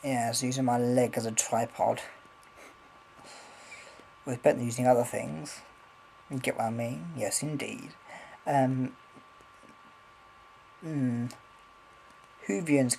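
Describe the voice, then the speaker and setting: A man's voice: mid-range voice, creaky, darkish tone, slight background noise, rough recording. A man rambling casually in a vlog, swearing freely, filming on a handheld camera. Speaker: vlogger.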